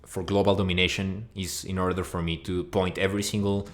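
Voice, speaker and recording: A man's voice: low voice, little pitch movement, brisk. A man delivering a crude, swearing, mock-outraged rant that rambles from point to point. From Mexico. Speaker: video host. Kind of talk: profane comedic rant.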